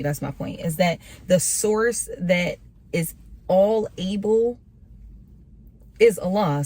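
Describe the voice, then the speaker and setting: A woman's voice: fairly low pitch, a little mellow. Earnest woman giving a motivational talk. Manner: earnest, repetitive, preacher-like emphasis. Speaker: faith vlogger. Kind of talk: casual motivational talk to camera.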